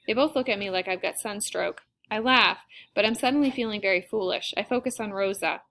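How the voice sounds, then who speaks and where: A woman narrating a first-person novel aloud in a plain, steady storytelling manner. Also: mid-range voice, a little fast. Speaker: audiobook reader.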